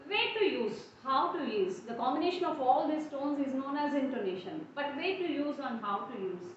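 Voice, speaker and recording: A woman's voice: sits high, animated, moderate pace, a little hiss or hum. A woman with an Indian English accent, a college lecturer explaining step by step with many examples in an online class. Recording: echoey, distant, muffled room recording.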